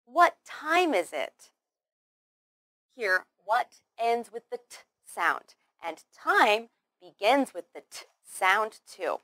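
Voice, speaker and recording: A woman teaches pronunciation at a very slow, deliberate pace, carefully stretching out each word and drilling it again and again. Her voice sits a little high and moves through a lively pitch range. The recording is dry and close, with no room sound. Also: no echo. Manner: slow, careful over-articulation with drilled repetitions; encouraging, praising the learner. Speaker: English teacher. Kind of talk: slow scripted pronunciation lesson.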